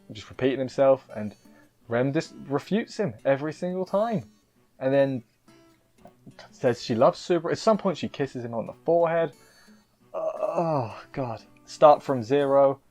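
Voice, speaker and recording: A man's voice: medium pitch, darkish tone. A man reviewing an anime episode in casual chat, rambling and emotional, often cutting himself off mid-sentence. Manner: emotional, rambling, self-interrupting.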